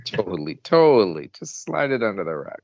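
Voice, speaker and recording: A man's voice: on the low side, very animated, brisk, gravelly, darkish tone. A man co-hosting a casual podcast, dropping dry, wry remarks, on a dull lo-fi recording. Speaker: podcast co-host. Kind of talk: casual chat.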